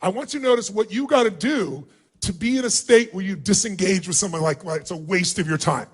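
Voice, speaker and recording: A middle-aged man giving a motivational seminar to a large crowd in a hall, commanding and often yelling instructions. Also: high-pitched, brisk, husky. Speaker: motivational speaker. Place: large hall with thousands of people.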